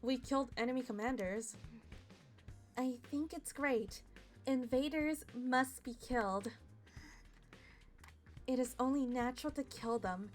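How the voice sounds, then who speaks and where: A woman reading the lines of a dutiful, cold young female soldier in a flat, matter-of-fact way. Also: high-pitched, unhurried, long pauses, soft background music.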